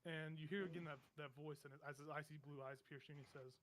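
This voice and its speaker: A man's voice: fairly high pitch, steady tone, fast talker, fairly bright tone, a little hiss or hum. A man narrating a tabletop game as game master, describing scenes vividly in a meandering way full of fillers.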